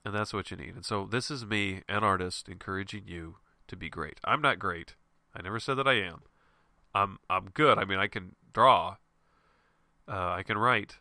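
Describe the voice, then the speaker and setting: A man's voice: low-pitched, normal speed, sharp tone, no room sound, studio quality. A man hosting a show with a stuffy, nasal voice from a head cold, giving loose, frank encouragement to fellow artists. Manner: loose, rambling and frank, with laughs and mild swearing. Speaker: show host and comic artist. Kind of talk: casual motivational monologue.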